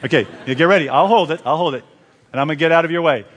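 Revival preacher guy, kinda high voice, fired up, big echoey church hall. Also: very fast, fairly bright tone. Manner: fervent, calls out to the congregation. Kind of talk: revival sermon. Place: large church. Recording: long reverb of a large church.

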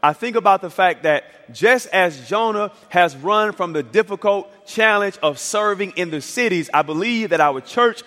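A man's voice: sits high, animated, moderate pace, few pauses, bright, forceful tone. A male pastor preaching a sermon, telling a story with acted-out dialogue and building to emphatic peaks. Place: church sanctuary. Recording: reverberant church hall.

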